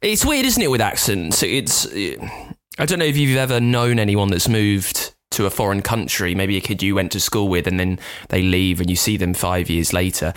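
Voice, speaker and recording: A British man co-hosting a podcast, musing aloud in an animated, chatty way. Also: low voice, normal speed, no echo, clean studio sound. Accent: British English. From England. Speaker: podcast co-host. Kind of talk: casual chat.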